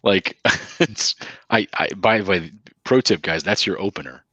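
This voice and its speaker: A man with a very low, husky voice co-hosts a casual podcast, talking emphatically like a coach and dropping in asides. His tone has a bright, forceful edge, and the sound is dry and close. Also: a little slow, no room sound. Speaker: co-host.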